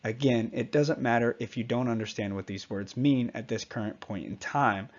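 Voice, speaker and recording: A man teaching a Spanish pronunciation lesson, patiently repeating each example word slowly and clearly. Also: medium pitch, highs cut off.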